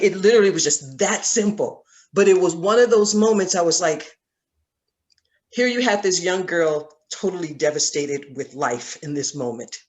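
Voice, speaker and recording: A woman with a Southern accent leading a Bible study over a video call, telling a personal story in an earnest, storytelling manner. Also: sits low. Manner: earnest, storytelling, laughs often. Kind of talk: conversational Bible teaching.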